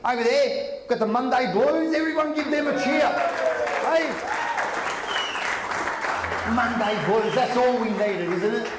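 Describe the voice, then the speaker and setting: A high-pitched man works a live crowd with brash, teasing stand-up. He keeps the energy loud and cheeky, and his voice bounces around an echoey function room while an audience murmurs and laughs behind him. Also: measured pace, long pauses, heavy background noise. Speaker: stand-up comedian at a live event. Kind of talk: stand-up comedy.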